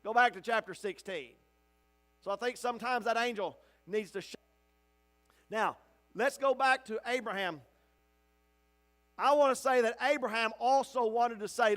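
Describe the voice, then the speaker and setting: A man with a strikingly high-pitched voice, preaching with fervor in a church sanctuary. He teaches an open bible study, climbing into shouts as his points build. A steady mains hum sits under the recording. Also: moderate pace, pauses often. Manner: impassioned, bursts into shouting at peaks. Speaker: pastor. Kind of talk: interactive bible study sermon.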